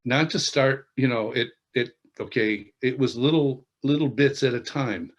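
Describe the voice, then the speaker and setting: A man interviewed as an author, telling a personal faith testimony in an earnest, halting way that often restarts sentences. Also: mid-range voice, lo-fi sound. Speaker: interviewed author and worship leader.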